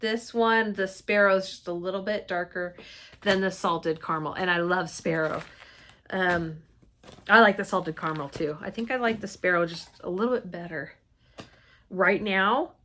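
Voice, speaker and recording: A woman's voice: fairly low pitch, moderate pace, a bit bright, slight background noise. A woman in her forties chatting casually and enthusiastically as she shows her craft supplies to the camera. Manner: chatty and enthusiastic, gushing over colors. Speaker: cross-stitch vlogger. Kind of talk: casual show-and-tell chat.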